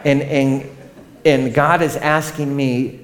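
A man in his thirties preaching a sermon, conversational and animated, often turning to ask the congregation questions. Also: mid-range voice, slow. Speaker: pastor.

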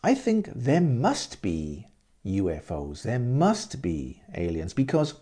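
A man's voice: medium pitch, huge pitch swings, takes it slowly, mellow, husky. A man telling a ghost story as an English teacher, often repeating words and explaining vocabulary for learners.

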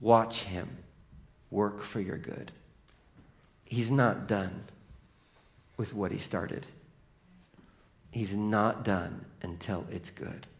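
Guy pastor giving a sermon, goes quiet then gets loud and excited telling stories. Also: on the low side, drawn-out words, pauses often. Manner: swings from hushed to loud and excited; storytelling, animated.

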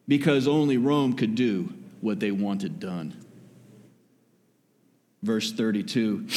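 A male pastor preaching an expository sermon, moving between quiet asides and raised emphasis. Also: medium pitch.

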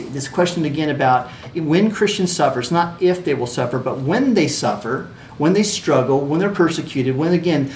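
A man teaching a class on a religious allegory, talking conversationally, repeating phrases and checking in with his listeners. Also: fairly high pitch. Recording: echoey room with faint ambient noise.

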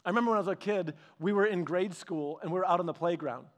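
A man's voice: high-pitched, fast talker. A middle-aged man preaching a sermon, telling family stories with humor, chuckling and restarting his sentences. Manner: animated, humorous storytelling with frequent laughs and restarts. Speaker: pastor. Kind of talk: storytelling sermon.

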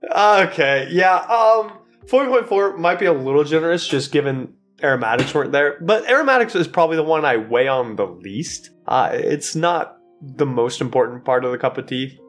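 A man co-hosting a casual podcast, talking in an animated, joking way with frequent restarts and fillers. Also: a little high, moderate pace, few pauses, soft background music. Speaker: podcast co-host. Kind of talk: casual chat.

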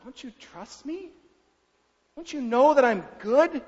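A man voicing God as a patient, loving father, speaking in a gentle, pleading way. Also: extremely high pitch, expressive, slow, husky, pitched above the performer's own voice, exaggerated voice. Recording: dull reverberant hall sound.

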